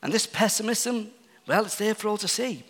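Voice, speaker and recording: A male preacher delivers an earnest sermon, pressing some points hard and dropping to a hush for others. His voice sits fairly high for a man. Long reverb from the large hall trails each phrase. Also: moderate pace. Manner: earnest, swinging from emphatic to hushed.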